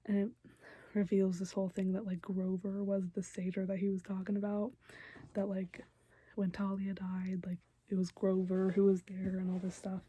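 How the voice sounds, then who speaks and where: Young woman reviewer, whispered role-play delivery, husky and close, dry room. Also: mid-range voice, monotone, moderate pace, dry recording. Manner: soft whispery recap, many fillers. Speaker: show reaction youtuber.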